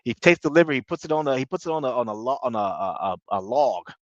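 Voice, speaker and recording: With a medium-pitched voice, lively intonation, and a quick pace, a TV reviewer rambles casually through an episode recap. He keeps repeating himself and relies on fillers such as "you know what I mean." The recording is dull, lo-fi, and dry, without room sound.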